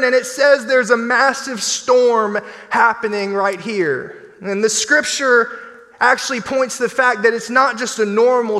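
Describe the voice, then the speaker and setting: A man preaching a sermon as pastor, in an animated, conversational style with playful asides. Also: extremely high pitch. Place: church sanctuary. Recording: long church hall reverb.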